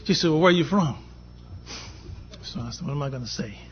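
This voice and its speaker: A man from Boston speaks with a fairly high, animated voice at a brisk clip, with music playing behind him. On a conference panel, he tells a personal story and acts out the dialogue in quotes. The dull, lo-fi recording captures this storytelling panel talk.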